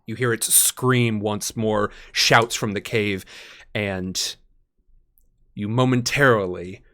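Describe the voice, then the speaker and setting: A man's voice: lowish voice, steady tone, takes it slowly, fairly bright tone, a little hiss or hum. A man narrating a tabletop role-playing game as game master, painting the scene in vivid detail with frequent ums and uhs.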